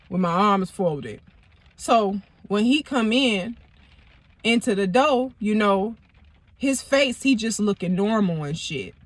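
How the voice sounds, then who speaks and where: Casual woman narrating her own drama, mid pitch, lots of "you know", dead dry sound. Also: dry recording. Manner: conversational, peppered with "you know" and profanity. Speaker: vlogger. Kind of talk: casual storytime chat.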